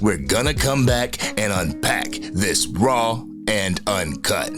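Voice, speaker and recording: Animated fan commentator. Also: male voice, fairly low pitch, slow. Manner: animated, punchy, addresses viewers directly. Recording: music playing behind voice.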